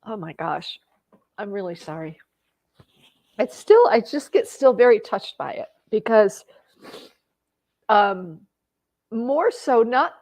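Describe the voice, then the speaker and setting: Her voice sits on the high side with a darkish tone. A middle-aged woman and personal growth vlogger, she tells a personal story conversationally, with many restarts, getting emotional and tearing up at moments.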